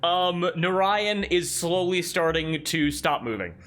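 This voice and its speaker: A man running a tabletop game as game master. He narrates casually, with plenty of ums and likes. His voice is bright and crisp over soft background music. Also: high-pitched, expressive, takes it slowly. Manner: casual, filler-heavy narration. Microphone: own microphone.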